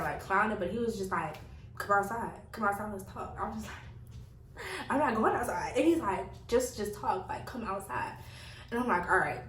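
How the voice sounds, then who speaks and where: A young woman telling her viewers a story in a casual, slangy way, acting out the quotes as she goes. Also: medium pitch. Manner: animated, slangy, acts out quotes in her retelling. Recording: echoey room, mic at a distance, faint background noise.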